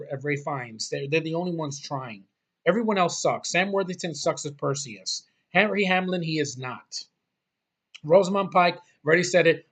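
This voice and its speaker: A man's voice: a little high, a bit bright. A man ranting about a movie in a casual, blunt, exasperated way, swearing often and rambling through restarts. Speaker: movie reviewer.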